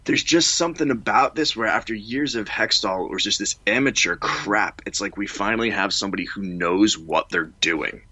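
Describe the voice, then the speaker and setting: Podcast co-host, man with a low, bright, forceful voice, keen and self-deprecating, on a dry, lo-fi mic. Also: normal speed, few pauses, breathy edge, dry recording. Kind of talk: casual sports chat.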